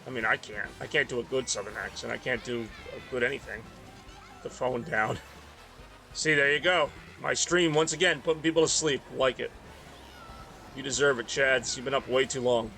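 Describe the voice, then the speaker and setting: A man's voice: mid-range voice, fairly even intonation, moderate pace, bright, forceful tone, soft background music. A man from the Northeast US, tired and rambling in casual chat while streaming a racing game. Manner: rambling, self-deprecating, mumbly asides.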